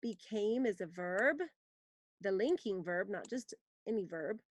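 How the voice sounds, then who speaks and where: In a recorded grammar lesson, a woman with a mid-range voice and lively intonation explains things patiently. She reads example sentences slowly so students can write them down.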